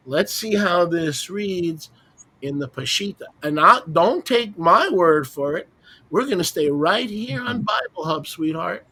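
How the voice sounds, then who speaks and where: A man's voice: sits high, bright, forceful tone, slightly rough. A man leading a roundtable Bible teaching, speaking emphatically with rhetorical questions and mocking asides while sharing his screen.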